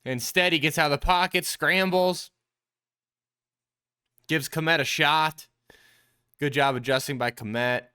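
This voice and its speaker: A man's voice: on the high side, steady tone, slow pace, long pauses, bright, forceful tone, clean tone. A man hosting a quarterback show, casually breaking down football film in a coach-like way, explaining each play step by step and calling his viewers the team. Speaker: quarterback trainer and show host.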